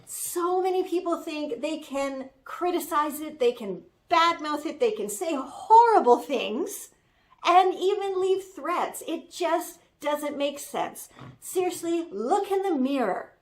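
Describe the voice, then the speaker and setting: A woman's voice: high-pitched, lively intonation, a little slow. A woman voicing a sassy young Gen Z social media manager who rants in exasperation and fills her talk with "like". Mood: indignant. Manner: filler-heavy, exasperated ranting. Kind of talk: comic character rant.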